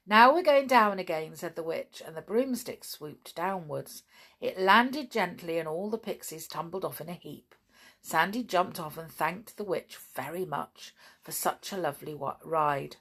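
A woman reading a children's story aloud with gentle, expressive delivery. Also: low-pitched, measured pace, slightly rough.

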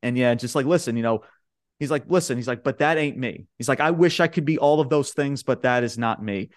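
A man's voice: mid-range voice, a little fast, no echo, studio quality. A young man from Long Island, casually recapping wrestling promos on a podcast and acting out the quotes with laughs. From Long Island, New York. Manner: animated retelling, quoting wrestlers with laughs. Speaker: podcast host.

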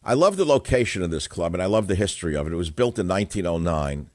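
Opinionated older man, deep rambling monologue. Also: animated, fast, no echo, studio quality. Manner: opinionated, digressive, scornful asides. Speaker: radio talk show host.

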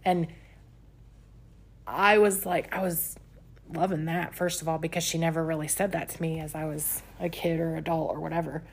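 A woman's voice: low-pitched, little pitch movement, normal speed, creaky, slightly rough. A woman hosting a self-help podcast, speaking candidly and confessionally from home. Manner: candid, confessional, with soft laughs. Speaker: podcast host. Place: home with pets nearby.

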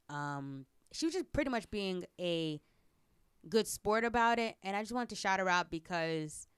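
Woman cohosting a podcast, low voice, super clear, dry sound, chatty n laughs a lot. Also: a bit bright, dry recording. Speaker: podcast co-host. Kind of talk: casual chat.

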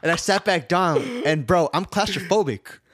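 A man's voice: sits high, moderate pace, a bit bright, dry recording, studio quality. Profane young man telling a wild story. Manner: profane, laughing storyteller who acts out his own lines. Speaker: podcast co-host. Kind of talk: casual storytelling chat.

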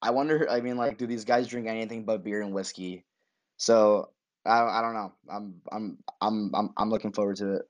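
A man's voice: fairly low pitch, steady tone, normal speed, lo-fi sound. A man co-hosting a podcast, talking casually about a TV show in a rambling way full of "like" and restarts. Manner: rambling, many fillers and restarts. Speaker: podcast co-host. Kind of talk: casual TV discussion.

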